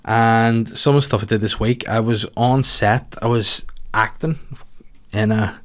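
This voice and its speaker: A man's voice: fairly low pitch, fairly even intonation, measured pace. A man in his thirties with a Northern Irish accent, a comedian hosting his own podcast, talking in a casual, rambling, sweary and jokey way. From Northern Ireland. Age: 30s. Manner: sweary, rambling, jokey, slips into mocking voices. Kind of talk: casual solo podcast monologue.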